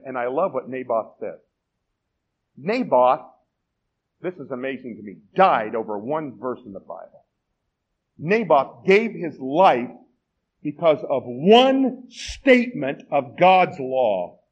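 A man's voice: on the high side, muffled recording. A man in his forties preaching a sermon as pastor, telling the story with self-deprecating humor.

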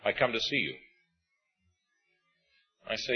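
A man preaching with a husky edge, his pitch rising and falling in wide, lively sweeps. He presses hard on some phrases and drops to a hush on others. The recording is dull and lo-fi, with faint music underneath. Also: a little slow, pauses often. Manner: emphatic, swinging between loud and hushed. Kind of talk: sermon.

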